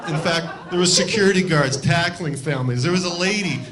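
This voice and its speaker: Man from Ohio, stand-up comic, loose and self-mocking; slightly high voice, heavy noise behind. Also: brisk. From Cleveland, Ohio. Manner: self-deprecating, loose and conversational. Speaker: stand-up comedian. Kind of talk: live stand-up routine. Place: comedy club stage.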